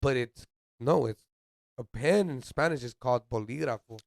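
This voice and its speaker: A man's voice: medium pitch, normal speed, vocal fry. A young man, co-hosting a casual podcast in laid-back, slangy banter that mixes in Spanish words. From United States. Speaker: podcast co-host. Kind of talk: casual chat.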